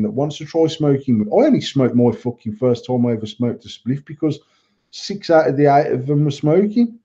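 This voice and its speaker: A man's voice: fairly high pitch, warm tone. A middle-aged man, co-hosting a podcast in blunt, sweary, rambling banter. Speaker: podcast co-host, vape shop owner. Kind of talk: casual banter. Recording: dull lo-fi sound.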